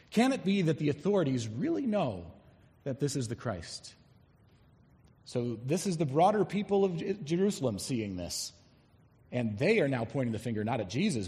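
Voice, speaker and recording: Animated male preacher in a reverberant hall. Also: medium pitch. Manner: animated, emphatic, reads scripture aloud. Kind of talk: expository sermon.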